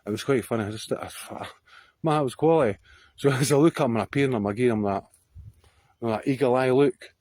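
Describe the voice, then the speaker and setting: A man's voice: mid-range voice, quick pace, a little mellow, no room sound. A Scottish man telling a story to camera outdoors on a hillside, rambling, swearing freely and often laughing. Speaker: vlogger.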